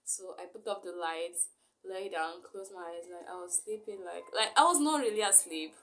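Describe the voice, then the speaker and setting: A woman's voice: on the low side, moderate pace, fairly bright tone. Young woman telling a storytime vlog. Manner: rambling retelling full of "like" fillers. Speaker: vlogger.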